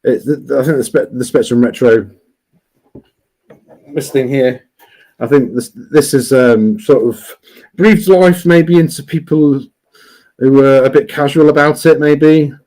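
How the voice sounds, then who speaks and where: A man chatting casually as a guest on a livestream, rambling with many restarts and fillers, talking loudly. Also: medium pitch, a little slow, long pauses, low-quality recording. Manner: says he is always loud.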